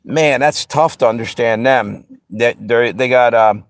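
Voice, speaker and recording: A man's voice: medium pitch, measured pace, no room sound, studio quality. Easygoing man chatting on a live stream. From Pennsylvania and Delaware area. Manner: easygoing, rambling, talks straight to the chat. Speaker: livestream host. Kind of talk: casual live-stream chat answering viewers.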